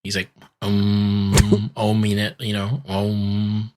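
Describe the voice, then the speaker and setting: Low-voiced laid-back podcast man. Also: monotone, slow, darkish tone. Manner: laid-back storytelling, acts out characters in quotes. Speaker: podcast co-host. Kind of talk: casual recap chat.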